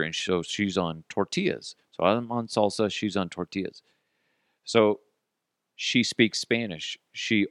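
A man hosting a podcast, telling customer service stories in a casual, animated way, swearing and laughing as he goes. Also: deep voice, no room sound, studio quality. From Colorado, United States. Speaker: podcast host. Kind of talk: casual storytelling.

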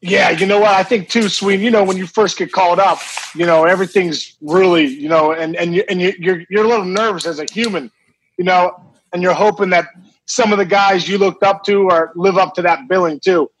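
A middle-aged man, a former ballplayer, telling a lively anecdote in a casual, animated way with many restarts. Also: high-pitched, a little fast, a little hiss or hum, rough recording. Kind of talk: casual storytelling.

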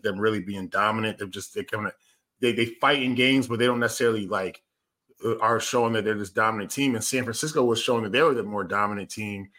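A man's voice: fairly low pitch, fairly bright tone. A man who once played pro football, co-hosting a casual sports talk show, speaking emphatically and repeating his points. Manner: emphatic, repeats himself, tells stories.

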